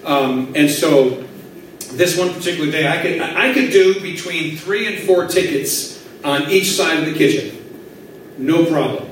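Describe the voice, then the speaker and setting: Male pastor, high voice, lively storyteller, heard from far off in an echoey church. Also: unhurried, slight background noise. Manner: animated storytelling, acting out his own prayers. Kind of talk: sermon.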